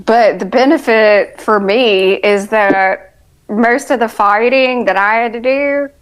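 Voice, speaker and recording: A woman's voice: on the high side, slow, clean tone, poor audio. A woman co-hosting a casual TV review podcast, with dry, sarcastic asides. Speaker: podcast co-host.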